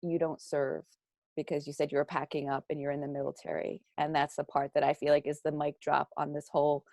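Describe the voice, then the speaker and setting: A woman's voice: low voice, level tone, fairly quick, vocal fry, a little mellow, dry recording. Teary, gushing woman on a dry tablet mic. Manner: gushing, laughing, tearful and effusive. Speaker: life coach hosting a live video chat. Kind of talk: emotional casual live chat.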